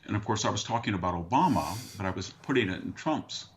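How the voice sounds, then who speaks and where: A man being interviewed as a historian, telling dry, wry anecdotes with a deadpan punchline. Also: on the low side, fast talker. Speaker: guest historian. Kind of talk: conversational storytelling. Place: rural farm valley region.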